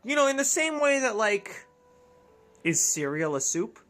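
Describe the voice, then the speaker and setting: A man's voice: high voice, very animated, unhurried, fairly bright tone. A man hosting a let's play, chatting casually in a rambling, jokey way that keeps interrupting itself. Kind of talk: casual gameplay chat.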